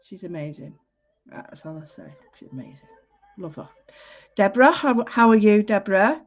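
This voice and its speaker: A woman's voice: medium pitch, animated, normal speed, dull audio. A woman, hosting a casual livestream art lesson, chatty and full of greetings, often interrupting herself. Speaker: art class host.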